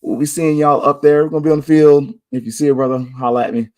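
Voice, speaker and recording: A podcast host in Orlando talks through his game picks in a loose, slangy way, thinking out loud. His voice is a little high and mellow, with fairly even intonation and a quick pace.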